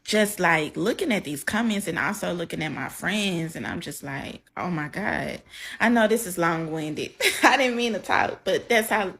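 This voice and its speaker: A woman's voice: lowish voice, lively intonation, moderate pace, a bit bright, husky. A young woman talking heartfelt to her camera in a vlog, close to tears. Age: young adult. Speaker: content creator. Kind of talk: emotional reaction vlog. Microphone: camera mic, facing camera.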